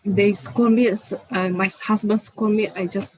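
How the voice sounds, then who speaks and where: A woman, asking a meditation question on a video call in hesitant, halting English. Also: medium pitch, fairly even intonation, a little mellow, a little hiss or hum, poor audio. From Indonesia.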